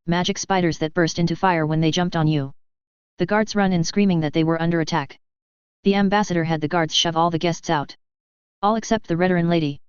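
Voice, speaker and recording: A woman's voice: lowish voice, smooth, no echo, muffled recording, natural voice. A woman reading aloud, voicing a drunken, foul-mouthed male elf bartender who rambles about his troubles. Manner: slurred, crude, grumbling rant.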